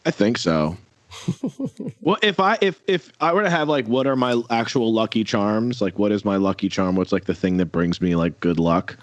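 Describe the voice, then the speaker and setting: A man's voice: fairly low pitch, expressive, normal speed, no room sound. A man in a casual interview chat, rambling with many fillers and restarts over a video call. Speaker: musician guest. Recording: dull lo-fi audio.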